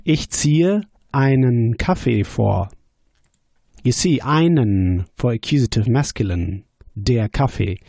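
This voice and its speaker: A man teaching German grammar on a podcast, slowly explaining and asking quiz questions. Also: medium pitch, animated, creaky, warm tone, dry recording, clean studio sound. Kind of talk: podcast language lesson.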